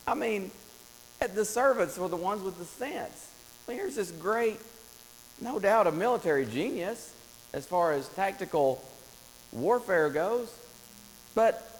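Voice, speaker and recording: Gravelly church guy teaching bible class, acts out the story, echoey hall, bit of hum. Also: high voice. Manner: animated storytelling, acts out voices of Bible figures. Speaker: preacher teaching Bible study. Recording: long hall reverb with faint mains hum.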